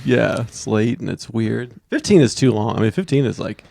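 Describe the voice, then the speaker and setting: A man's voice: medium pitch, lively intonation, moderate pace, gravelly, darkish tone, no echo. A male comedian hosting a podcast, chatting in an easygoing, joking way and laughing often. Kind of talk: casual chat.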